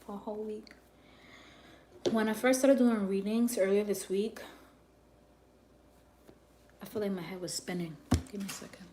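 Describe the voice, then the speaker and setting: A woman's voice: mid-range voice, fairly even intonation, normal speed, long pauses, background noise. A woman chatting casually on a livestream as a psychic reader, laughing often and sometimes dropping to near whispers. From New York.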